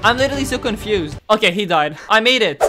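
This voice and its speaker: A young man hosting a gaming channel, giving excitable gameplay commentary, exclaiming and taunting his opponents. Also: high voice, fast, music in the background.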